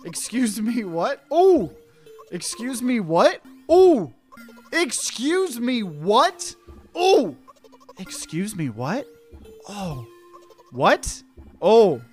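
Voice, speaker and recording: A woman's voice: medium pitch, big pitch swings, very slow, pauses often, faint music behind. Jumpy, shrieking woman gamer. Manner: jumpy, shrieks and swears at scares. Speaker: gaming streamer. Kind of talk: horror game let's play reactions.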